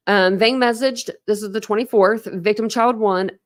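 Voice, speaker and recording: A woman hosting a true crime live stream reads court documents aloud, then stops to react in a rambling, conversational, openly upset way, with lots of "like" and restarts; she's an adult with a young son. Her medium-pitched voice has fairly even intonation and a moderate pace, in clean studio sound with no room sound.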